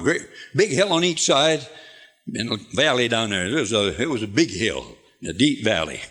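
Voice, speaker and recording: An older male preacher delivers a homespun radio sermon, voice pitched a little high and swinging widely up and down. He talks in a folksy, animated way, repeating words and putting questions to his listeners.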